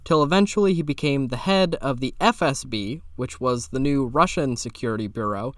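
A young man hosting a podcast, telling a story in a loose, improvised way, sarcastic and casually swearing, with sudden jumps in pitch for emphasis. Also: normal speed, no echo, clean studio sound. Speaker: podcast host.

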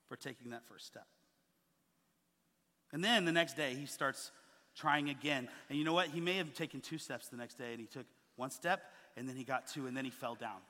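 A man in his thirties preaching a sermon as a pastor, telling stories with lively acted-out quotes. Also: medium pitch, normal speed, big-room sound. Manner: animated storytelling, acting out quoted voices. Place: church sanctuary.

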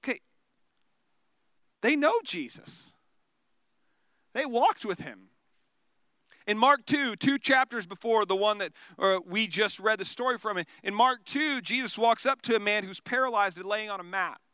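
A man preaching a sermon, telling the story in an animated way and dropping to a hush for dramatic moments. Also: high voice, a little slow, pauses often, smooth, dry recording. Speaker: pastor.

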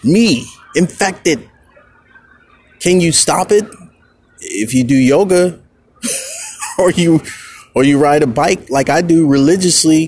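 A man hosting his own podcast, telling stories in a casual solo monologue, swinging between low mutters and heated outbursts. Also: a little mellow, slight background noise. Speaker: podcast host.

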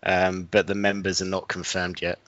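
A man hosting a casual comedy chat, telling made-up stories in a deadpan way. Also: low voice, moderate pace, dry recording, highs cut off. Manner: deadpan absurd storytelling. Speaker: podcast host.

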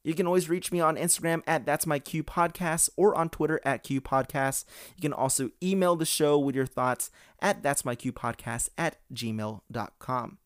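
A man's voice: a little high, moderate pace, clear, resonant tone, no room sound, studio quality. A man hosting a podcast in a casual, rambling way, with many "uh"s and restarts, into a podcast microphone. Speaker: podcast host. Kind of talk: casual chat.

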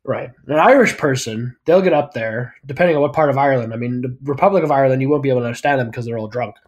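A man co-hosting a podcast, joking in animated casual chat. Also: medium pitch, racing, dull audio. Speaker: podcast co-host.

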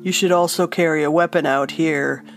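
A woman's voice: sits low, fairly even intonation, moderate pace, soft background music. A woman voicing a stern, impatient male guard commander who speaks curtly and commandingly. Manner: curt, commanding.

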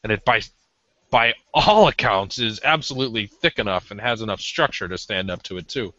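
A man's voice: on the low side, expressive, a little fast, bright, forceful tone, dry recording. A man co-hosting a podcast, reviewing a cigar in a rambling, casual way with many ums. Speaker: podcast co-host. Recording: dull lo-fi audio.

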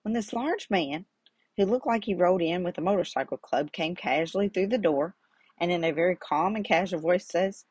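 A middle-aged woman tells a personal story on her own podcast, earnest and lively as she weaves in her faith. Her voice sits fairly low and comes across husky, recorded close and dry with no room sound. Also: moderate pace, dry recording. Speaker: podcast host.

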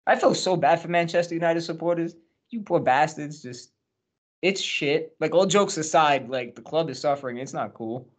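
A man's voice: on the high side, normal speed. A man co-hosting a podcast, rambling and joking about football with plenty of swearing. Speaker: podcast co-host. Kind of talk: casual chat about football.

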